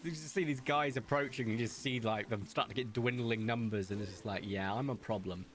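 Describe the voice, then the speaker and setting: A young man chats casually while streaming a video game, wandering through stories and remarks as he plays. His voice is mid-range and fairly quick, and he comes across as talkative, rambling and animated in his storytelling.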